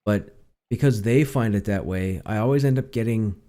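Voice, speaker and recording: A relaxed man chatting on a stream, his voice low and mellow. He talks calmly and at length, rambling and restarting his sentences. People have called his voice soothing. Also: moderate pace. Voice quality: calm, low voice others call soothing. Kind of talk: casual storytelling chat.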